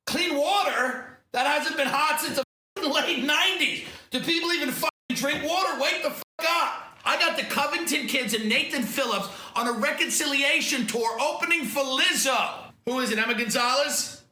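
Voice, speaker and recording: Brash high-voiced man in an echoey room. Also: sharp tone. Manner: brash, profane, fast-talking. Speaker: comedian playing a talent agent. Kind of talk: comedy sketch monologue.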